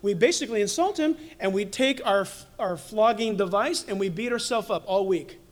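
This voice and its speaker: A man's voice: high-pitched, animated, moderate pace, few pauses. A man preaching a sermon as pastor, telling stories animatedly with humorous asides.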